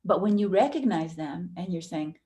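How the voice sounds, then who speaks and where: A woman teaching a counseling course in a conversational way, acting out inner thoughts with sudden jumps in pitch. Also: expressive, moderate pace, dark tone.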